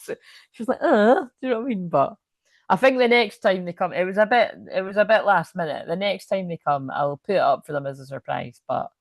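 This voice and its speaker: A woman's voice: fairly low pitch, fairly quick, no echo, clean studio sound. A young woman giving a casual, rambling oracle card reading, laughing often and swearing casually. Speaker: spiritual reader and coach.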